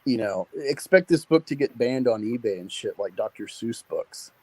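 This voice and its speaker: A man hosting a casual podcast, relaxed and offhand, cursing freely. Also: medium pitch, moderate pace, no echo, rough recording. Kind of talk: casual chat.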